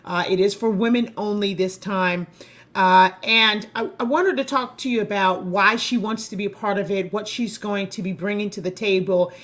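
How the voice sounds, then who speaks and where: Bright, animated woman host. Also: medium pitch, normal speed. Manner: animated, emphatic, talks up her guest with bursts of excitement. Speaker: podcast host. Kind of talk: casual chat.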